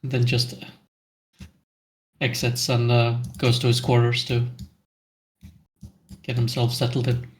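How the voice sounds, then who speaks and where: A man in a tabletop game describes what his character does in a loose, hesitant way. He often stops with a filler before going on. His voice sits at a middle pitch. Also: monotone, measured pace, long pauses. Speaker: player. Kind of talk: casual tabletop game narration.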